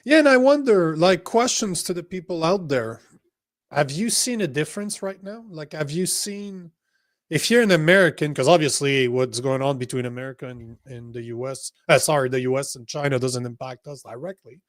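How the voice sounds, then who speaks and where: A man's voice: on the high side, normal speed, dry recording, studio quality. A young man co-hosting a casual political chat show, talking bluntly, cursing often and rambling while he addresses the live chat. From Canada. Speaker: podcast co-host.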